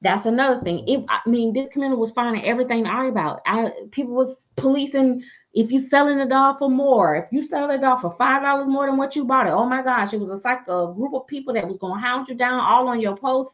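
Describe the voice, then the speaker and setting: Sassy doll-seller lady going off on a livestream, cussing, kinda high voice, muffled audio. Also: fast. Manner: sassy, animated ranting with frequent cussing. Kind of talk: livestream rant.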